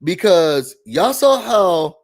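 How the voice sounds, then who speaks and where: A man with a notably high-pitched voice rants through a reality TV recap in a casual, sassy, animated way. He swears freely as he talks. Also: takes it slowly. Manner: animated, sassy, cursing, acts out quotes.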